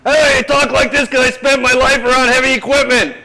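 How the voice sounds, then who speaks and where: A man putting on a loud, gruff construction boss. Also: fairly even intonation, fairly quick, exaggerated voice. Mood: boisterous. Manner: loud, raised-pitch impression. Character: gruff middle-aged male construction boss, blunt.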